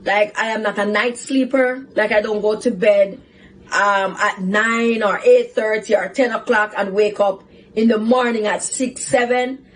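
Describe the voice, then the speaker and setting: A woman hosting a talk show, telling a personal story in a casual, animated way and giving life advice. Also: mid-range voice, a little slow, poor audio. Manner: animated, laughs often while telling a story. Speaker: host, psychotherapist.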